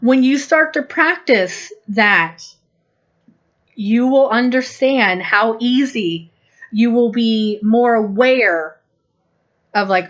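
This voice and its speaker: Slow-spoken woman channeling spiritual guidance. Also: a little high. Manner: slow, gentle and deliberate, acting out little quoted exchanges. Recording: dull lo-fi recording.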